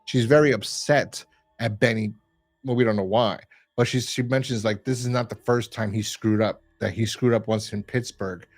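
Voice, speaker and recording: A man's voice: lowish voice, fairly even intonation, normal speed, faint music behind. Rambling man hosting a review podcast. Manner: rambling, lots of fillers and "like". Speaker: podcast host reviewing a horror episode. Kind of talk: casual chat.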